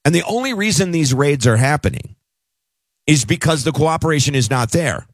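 A man's voice: on the high side, animated, moderate pace, slightly rough, dry recording. A man hosting a conservative talk radio show, delivering an emphatic, conversational monologue into a studio mic.

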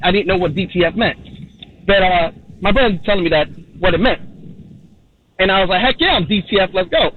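A man from New York tells a comic story as a radio guest. He rambles and leans on fillers, and his voice sits fairly high for a man. It all comes through a thin, tinny phone line. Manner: rambling, repeats himself, many "you know" fillers. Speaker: guest comedian.

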